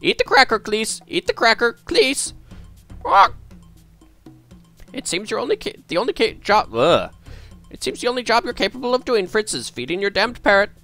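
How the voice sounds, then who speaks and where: Squawking parrot mimic, bright, wildly varied pitch, faint music behind. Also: male voice, big pitch swings, normal speed, pauses often, heavily acted. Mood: squawking, theatrical. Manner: squawks, mock German accent, shrill. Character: squawking male parrot mimicking a mad scientist.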